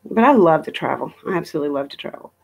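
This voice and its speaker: A woman's voice: sits low, expressive, very fast, gravelly, husky. A middle-aged woman chatting casually on a live stream from home, rambling through travel stories and reading viewer comments aloud. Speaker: livestream host.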